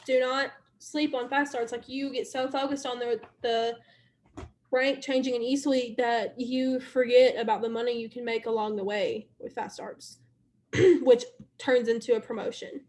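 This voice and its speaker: A woman's voice: fairly high pitch, level tone, normal speed, a little mellow. A young woman leading her sales team in a casual motivational live stream, chatty and repetitive, talking straight to her viewers.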